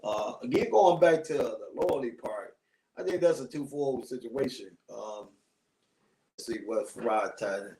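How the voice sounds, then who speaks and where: A man's voice: mid-range voice, measured pace, a little mellow, echoey room, distant mic, low-quality recording. A man guest-hosting a casual live talk show, rambling with frequent restarts and fillers. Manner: rambling, repeats himself, frequent ums and restarts. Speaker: guest host.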